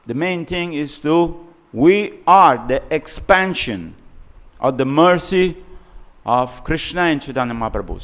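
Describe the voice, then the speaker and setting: A man giving a scripture lecture in a temple hall, telling stories animatedly in English with non-native grammar. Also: fairly high pitch. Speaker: preacher.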